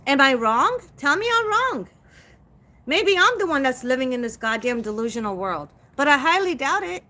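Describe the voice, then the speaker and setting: Very animated and moderately paced, a middle-aged woman hosting a psychic live stream rants to her audience. Her high, bright voice is forceful, and she talks straight at them with blunt, profane, heavily emphatic delivery.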